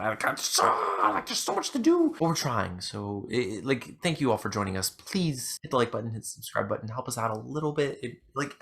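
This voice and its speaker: A man's voice: fairly low pitch, creaky, a bit bright. A young man hosting a casual podcast, rambling and self-deprecating, with many fillers and restarts. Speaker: podcast host.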